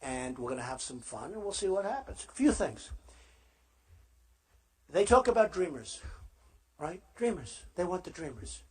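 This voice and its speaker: A man's voice: high voice, big pitch swings, normal speed, pauses often, a little mellow, husky. A man running for president gives a rambling, boastful campaign rally speech to a live crowd and repeats himself often. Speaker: presidential candidate.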